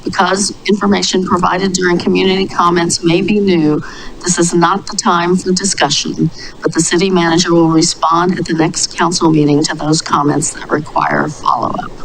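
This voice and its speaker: A woman's voice: on the low side, level tone, normal speed, gravelly, a little hiss or hum, low-quality recording. A woman chairing a city council meeting, formally reading out the rules for public comment. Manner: formal, procedural. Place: council chamber.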